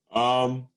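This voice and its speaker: A man's voice: medium pitch, gravelly, a bit bright. Laughing, profane young man co-hosting. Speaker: podcast co-host. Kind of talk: casual chat.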